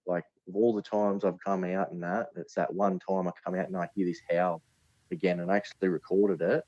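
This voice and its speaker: A deep-voiced Australian man tells a story in a loose, rambling way, with filler words running through it. His audio is dry and a little dull and lo-fi, as if from a cheap remote setup. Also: level tone, a little fast, a little mellow, no room sound. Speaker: podcast guest. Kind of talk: casual storytelling.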